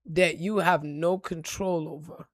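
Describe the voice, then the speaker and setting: A woman giving an impassioned, profane motivational talk on a live stream, repeating lines and building to shouts. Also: lowish voice, fairly even intonation, measured pace, dry recording, studio quality. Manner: preachy, profane, rising to shouts.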